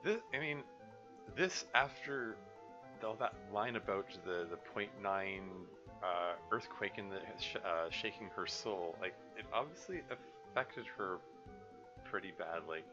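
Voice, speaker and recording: A man commentating on a game with wry, sarcastic asides, often pausing on fillers. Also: lowish voice, expressive, music in the background. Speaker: let's play host. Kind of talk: gameplay commentary. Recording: dull lo-fi recording.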